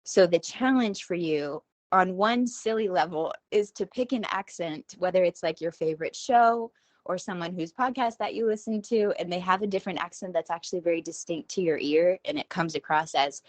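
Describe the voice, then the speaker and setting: A woman's voice: fairly low pitch, normal speed, no echo. A woman around forty, talking in a rambling, self-deprecating casual monologue as a podcast host, laughing at herself. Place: at home.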